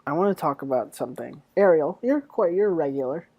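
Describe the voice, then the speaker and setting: A man's voice: on the high side, animated, fast, mellow, dry recording. A young man hosting a casual podcast chat, joking and teasing his guests and laughing often. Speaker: podcast host.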